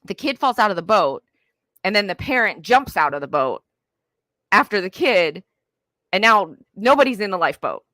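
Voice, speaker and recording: A woman's voice: mid-range voice, very animated, moderate pace, pauses often, sharp tone, no echo. A woman giving earnest parenting advice in casual conversation, with many fillers like "um" and "like".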